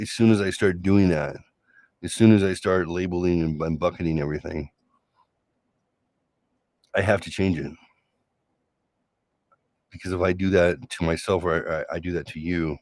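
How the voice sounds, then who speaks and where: A middle-aged man hosting a solo late-night show, talking through love and conflict in a sarcastic, reflective way with many halting restarts. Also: low voice, a little mellow. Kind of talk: late-night personal monologue.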